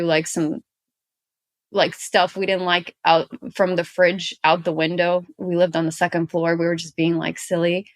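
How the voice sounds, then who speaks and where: A woman's voice: on the low side, gravelly, no room sound. A woman from Ukraine, a guest entrepreneur on a podcast, talking earnestly and emphatically, stringing her clauses together. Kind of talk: podcast interview.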